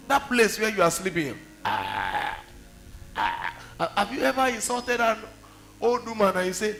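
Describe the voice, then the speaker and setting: High, forceful Nigerian preacher. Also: male voice, big pitch swings, measured pace, vocal fry. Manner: emphatic storytelling preaching with rhetorical questions. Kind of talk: sermon.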